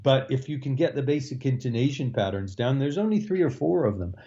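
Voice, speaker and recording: A man's voice: medium pitch, lively intonation, fairly quick, mellow, highs cut off. A man, a Russian language professor explaining his teaching in an interview, with frequent fillers and restarts. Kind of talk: interview answers.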